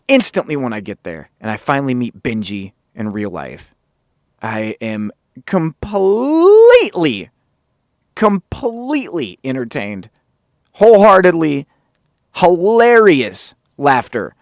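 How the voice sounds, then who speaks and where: A man's voice: mid-range voice, wildly swooping pitch, a little slow, dry recording, clean studio sound. Sarcastic, profane man telling a story. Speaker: podcast host. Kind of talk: casual storytelling monologue.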